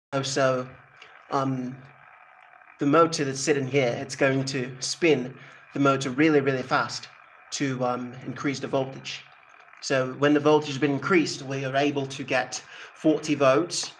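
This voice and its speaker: A man's voice: medium pitch, little pitch movement, measured pace, a little hiss or hum, low-quality recording. A man casually demonstrating a homemade generator, rambling with many fillers and restarts.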